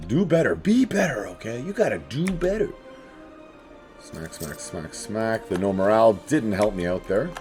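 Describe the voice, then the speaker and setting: A let's play host with a lowish voice talks at a moderate pace over background music. He gives animated, chatty commentary while playing a strategy game, speaking directly to the enemies on screen.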